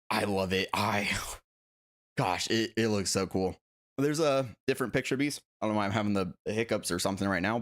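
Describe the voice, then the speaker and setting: Guy running a chill live stream, reads comments out loud, kinda rambly and hyped, mid-pitch voice, lots of ums and restarts. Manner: excitable, rambling, reads viewer comments aloud; frequent fillers and self-corrections. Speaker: collectibles channel host. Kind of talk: casual live-stream chat.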